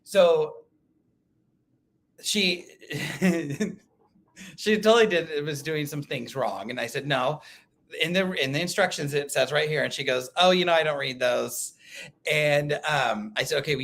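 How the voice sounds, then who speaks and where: Guy rambling on his quilting livestream, bright kinda high voice, laughs a lot, reads comments. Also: normal speed. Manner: chatty, animated storytelling, laughs often, reads live comments. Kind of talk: casual livestream chat.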